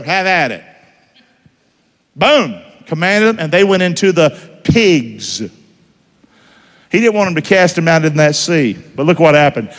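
A man preaching a sermon in a church, folksy, quizzing the congregation and swinging between loud and hushed. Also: sits high. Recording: reverberant church hall.

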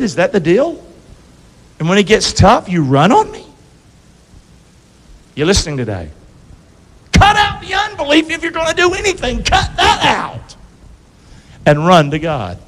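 High-voiced preaching man in reverberant hall. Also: a bit bright. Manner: call-and-response preaching, asks congregation to repeat. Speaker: pastor. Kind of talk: sermon. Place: church sanctuary.

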